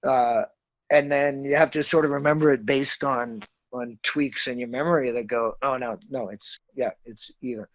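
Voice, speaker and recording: A middle-aged Canadian man, an actor being interviewed, talking in a rambling, animated way and slipping into other accents. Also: mid-range voice, moderate pace, hardly any pauses, no room sound, low-quality recording. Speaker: actor guest. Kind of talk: casual interview chat.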